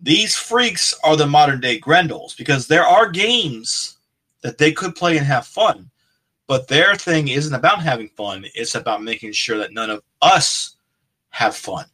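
Bright-voiced man ranting casually. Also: on the high side, lively intonation, a little slow, poor audio. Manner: rambling, profane, ranting. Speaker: podcast co-host. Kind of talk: casual chat.

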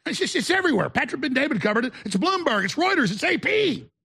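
Male host, high, husky voice, tense and hard-edged, combative mocking rant with shouted bursts. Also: very animated, quick pace. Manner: stammering restarts when worked up. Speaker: talk show host. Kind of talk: ranting monologue to viewers.

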